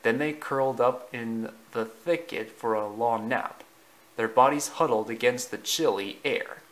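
A man narrating a storybook slowly and deliberately, with small slips in the reading. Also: medium pitch, fairly bright tone, rough recording.

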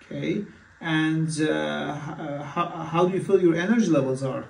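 Man, physician, mock consultation, hesitant with fillers, slightly high voice, roomy echo. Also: steady tone, normal speed, vocal fry. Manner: hesitant, many fillers and restarts. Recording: echoey room, far from mic.

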